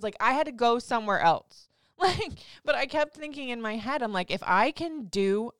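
A young woman vlogger telling a story in a casual, animated way, swearing freely and laughing often. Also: on the high side, normal speed, clear, resonant tone, no room sound, clean studio sound.

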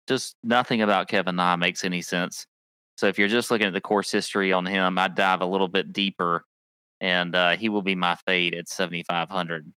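A man's voice: deep voice, flat delivery, brisk, sharp tone, clear, resonant tone, no echo. A man co-hosting a podcast, chatting in an easygoing way and reading off statistics. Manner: easygoing, reads off stats. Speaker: podcast co-host. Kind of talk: casual fantasy sports chat.

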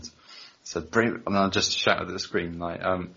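An English man co-hosting a football podcast, excitable, swearing and laughing in casual chat. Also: low voice, a little slow, husky. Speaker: podcast co-host. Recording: dull lo-fi audio.

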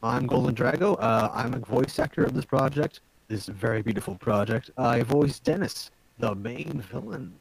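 A man's voice: medium pitch, normal speed, creaky, few pauses, breathy edge, dry recording, poor audio. A man guest in a casual group chat, hesitant, heard through a warbling, glitchy mic. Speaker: voice actor guest.

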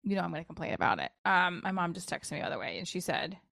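A woman in her forties hosts her own solo podcast, speaking casually and candidly, swearing freely and hopping between topics. Her fairly low voice is sing-song and fairly bright, with vocal fry, and she talks fast.

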